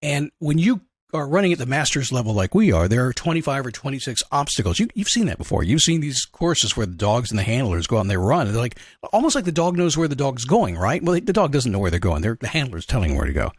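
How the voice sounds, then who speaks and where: A man hosting a motivational show, talking in an energetic, conversational way and acting out questions and a dog's thoughts. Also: medium pitch, fast, breathy edge, dry recording, studio quality. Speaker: motivational coach and podcast host. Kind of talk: upbeat motivational monologue.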